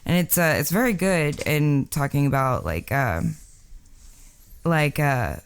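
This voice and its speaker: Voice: mid-range voice, lively intonation, takes it slowly, smooth. A podcast co-host from Texas chatting casually and rambling, with many fillers and frequent laughs. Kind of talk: casual chat.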